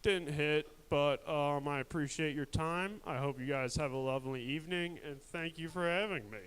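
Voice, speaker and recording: A man's voice: a little high, normal speed, a bit bright, slight background noise, low-quality recording. A young man doing a crude, rambling stand-up set at a live open mic, mocking himself along the way.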